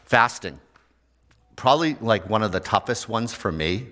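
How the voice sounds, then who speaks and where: A man's voice: lowish voice, animated, normal speed, pushed and bright. An older man preaching a sermon as pastor, in a conversational way and often putting questions to the congregation.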